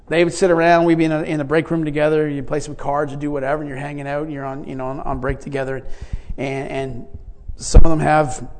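A male preacher telling stories in a rambling sermon, often restarting and chuckling as he talks. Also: a little high. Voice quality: gravelly. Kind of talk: sermon storytelling. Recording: long reverb in a large hall.

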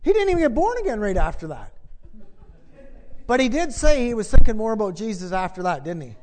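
A male pastor preaching in a church, his voice carried on a long, ringing reverb. He swings widely in pitch as he tells his story and builds toward fervent appeals. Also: very animated, brisk, a little mellow. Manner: storytelling, then rising to impassioned preaching. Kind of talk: sermon.

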